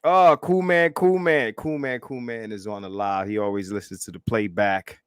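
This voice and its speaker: A man hosting a live stream, reacting to clips in a profane, animated, repetitive way and laughing often. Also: lowish voice, normal speed, clear, resonant tone, no room sound, clean studio sound. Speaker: livestream host.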